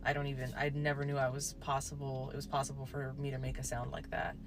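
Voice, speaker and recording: A woman's voice: a bass voice, little pitch movement, fast talker, music in the background. A woman telling a true story in a casual storytime way, chatty, swearing and saying "like" a lot. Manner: chatty, swears, heavy use of "like".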